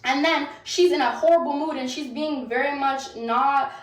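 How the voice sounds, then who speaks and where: High-voiced woman racing through a salon horror story, echoey room, mic kinda far off. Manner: dramatic, quick storytelling. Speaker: host. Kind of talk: storytime narration.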